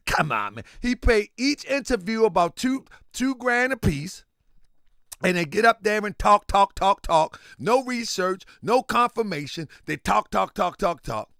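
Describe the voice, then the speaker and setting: A man's voice: high-pitched, lively intonation, a little slow, creaky, a bit bright, no echo, studio quality. A man hosting a livestream, talking casually and animatedly to his chat and repeating himself for emphasis. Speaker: livestream host.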